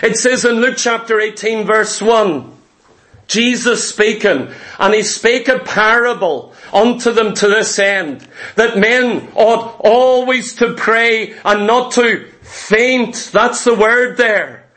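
High-voiced fervent male preacher. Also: slow pace, pushed and bright. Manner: fervent, repetitive, addresses congregation as saints. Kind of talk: sermon.

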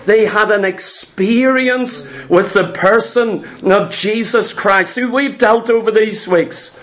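A man preaching a sermon in an animated, conversational way, repeating himself, dropping quick asides and drawing out his points. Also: high-pitched.

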